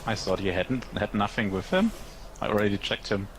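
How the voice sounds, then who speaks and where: A man's voice: lowish voice, very animated, fairly quick, a bit bright. A man playing a tabletop game, talking in a hesitant, chatty way. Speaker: player. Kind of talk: casual tabletop play. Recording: noisy recording.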